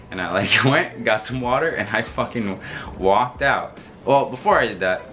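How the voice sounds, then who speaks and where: A young man telling a story in a casual, animated way, laughing often and swearing freely. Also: on the low side, slight background noise. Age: young adult. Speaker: vlogger.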